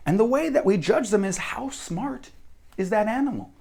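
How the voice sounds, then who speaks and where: A man's voice: high voice, animated, normal speed, gravelly, a little mellow. An American man giving a blunt, profane opinion monologue as a vlogger. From United States.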